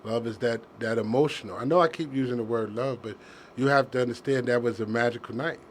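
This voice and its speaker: A man's voice: medium pitch, fast talker, slight background noise. A middle-aged man hosting a heartfelt casual conversation, earnest and sentimental, often restarting his sentences.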